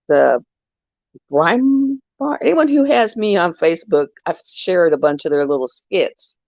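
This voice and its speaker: A middle-aged woman hosts a casual livestream, rambling through chatty stories while she crafts. Her voice sits low and is creaky and a little mellow. There's no echo, and the highs are cut off.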